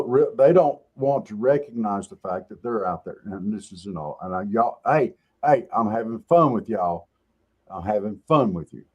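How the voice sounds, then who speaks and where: A man's voice: on the low side, darkish tone, dull audio. A man hosting a morning show, chatting casually in a teasing way and laughing often. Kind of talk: casual joking chat.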